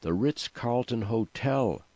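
A man voicing a flustered young groom shouting over loud music. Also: medium pitch, lively intonation, slow, no room sound, muffled recording, pitched above the performer's own voice. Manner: raised, insistent voice.

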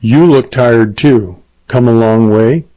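A wary but smooth-talking frontier hotel keeper, as a male reader voices him, folksy and easy. The audiobook sound is dry and a little dull. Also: mid-range voice, slow pace, mellow, dry recording, lightly acted.

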